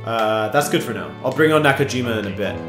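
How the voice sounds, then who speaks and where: A man commentating his own football video game, muttering then yelling with excitement, his voice going hoarse. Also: mid-range voice, quick pace, echoey room, over music. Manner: excitable, swings from mutters to shouts. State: losing his voice. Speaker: gaming YouTuber.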